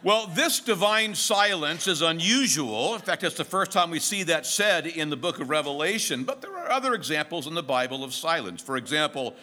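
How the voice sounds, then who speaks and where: A man's voice: a little high, lively intonation, moderate pace, hardly any pauses, bright, forceful tone. A middle-aged male pastor giving an expository sermon in a conversational way, mixing jokes and stories into the teaching.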